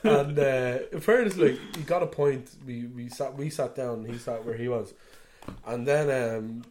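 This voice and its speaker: A man's voice: medium pitch, unhurried, a little mellow. A young Irish man with a Dublin accent, co-hosting a casual chat and telling stories with laughs, acting out what people said. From Ireland. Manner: laughing storyteller acting out quotes. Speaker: podcast co-host.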